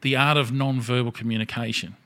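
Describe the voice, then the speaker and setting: Swearing, animated storytelling man. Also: mid-range voice, a little fast. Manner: animated storyteller who acts out other people's lines, swears freely. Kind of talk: casual chat.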